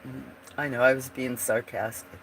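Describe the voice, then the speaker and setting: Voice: mid-range voice, flat delivery, moderate pace, a bit bright, slight background noise. A livestream host chatting casually while drawing at home, laughing often and trailing off mid-thought. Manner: giggly, laughs often, rambling.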